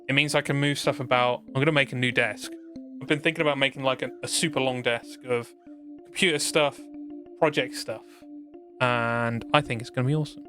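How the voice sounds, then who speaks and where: A man chatting loosely as he streams a game, rambling and self-deprecating. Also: medium pitch. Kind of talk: gaming stream commentary. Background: game music.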